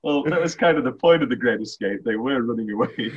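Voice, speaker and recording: Husky guy podcasting about movies, laughy and animated, kinda dull audio. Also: medium pitch. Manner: laughing, animated, acts out film lines. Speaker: podcast co-host. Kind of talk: casual film discussion.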